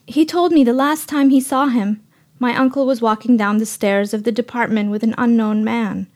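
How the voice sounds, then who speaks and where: Sober woman reporter narrating in a measured tone. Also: a little high, steady tone, darkish tone. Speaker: freelance reporter. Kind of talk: scripted radio narration.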